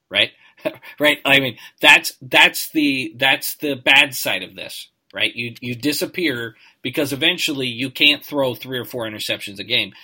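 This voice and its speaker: A man's voice: medium pitch, bright, forceful tone, husky. A man with a nasal voice co-hosting a sports podcast, analytical and hedging, often tagging "right?". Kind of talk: casual chat.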